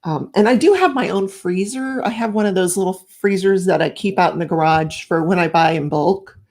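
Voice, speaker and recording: A woman's voice: lowish voice, fairly quick, a little mellow. Middle-aged lady chatting on a crafting livestream, rambly, laughs a lot, reads comments out. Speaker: live stream crafting host. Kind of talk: casual live stream chat.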